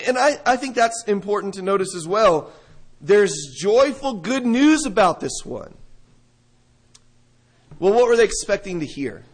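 A man with a high voice preaches a sermon. He moves between reading scripture and explaining it in an easy, conversational way. He asks the listeners questions and punches the important words. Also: sing-song, a little slow, pauses often. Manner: reads scripture then explains it, rising to emphatic stresses; conversational, with restarts and rhetorical questions.

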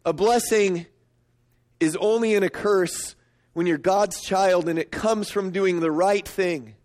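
A middle-aged man preaching a sermon, emphatic and storytelling, swinging up to excited peaks. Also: slow. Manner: storytelling, emphatic, rising to high excited pitch. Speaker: pastor.

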